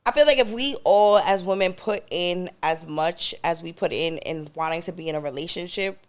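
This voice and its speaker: A woman's voice: lowish voice, moderate pace. A woman co-hosting a podcast, telling stories in casual chat and breaking into laughter. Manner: storytelling, bursts into laughter. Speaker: podcast co-host.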